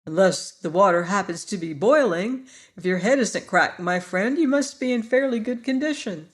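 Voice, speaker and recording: A practical young boy from a storybook, played by a male reader, steady and matter-of-fact. His voice lifts a little higher and firmer than the narration. He soothes the others and never raises a fuss. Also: normal speed. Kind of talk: audiobook character voice.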